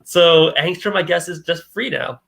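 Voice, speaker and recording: A man's voice: on the high side, moderate pace, creaky, a bit bright, rough recording. A man co-hosting a podcast, casually retelling a comic book plot and acting out the characters' lines. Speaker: podcast co-host.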